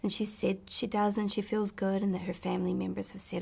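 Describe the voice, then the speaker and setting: A woman with a New Zealand accent, an actress chatting in an interview, softly and often dropping to a near-whisper. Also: mid-range voice, flat delivery, fairly quick, gravelly, breathy edge. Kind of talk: casual interview chat.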